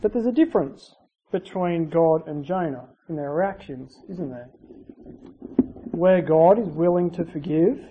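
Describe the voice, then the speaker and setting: Aussie preacher, chatty sermon, goes loud then drops real quiet, dull lo-fi recording. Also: medium pitch, lively intonation, measured pace. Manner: conversational, with asides and rhetorical tag questions; swings between loud emphasis and quiet, dropped endings. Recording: dull lo-fi recording with faint hiss.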